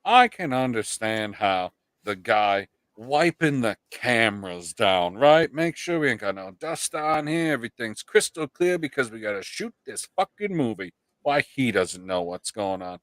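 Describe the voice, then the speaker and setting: Profane ranting man, very lively pitch. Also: measured pace, no room sound, studio quality. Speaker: podcast host. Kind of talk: casual live-stream chat.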